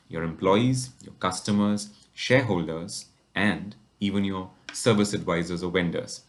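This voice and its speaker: Male exec, very low voice, measured motivational business talk with rhetorical questions. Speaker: company executive giving business advice.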